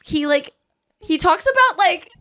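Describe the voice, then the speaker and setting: Animated woman host telling a story. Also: extremely high pitch, measured pace. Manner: animated storytelling, acts out quoted voices. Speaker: podcast host. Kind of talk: casual chat.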